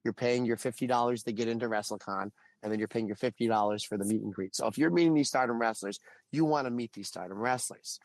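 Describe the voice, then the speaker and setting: A married man co-hosting a podcast, telling a long anecdote in casual chat and acting out the quotes with animated swings in voice. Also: medium pitch, quick pace, no room sound. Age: adult, married. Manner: animated storytelling with acted-out quotes. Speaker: podcast co-host.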